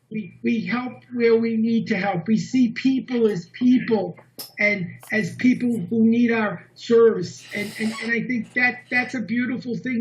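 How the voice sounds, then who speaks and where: A guest speaker with a high voice tells a story in an animated, earnest way. The sound is dull, lo-fi online meeting audio.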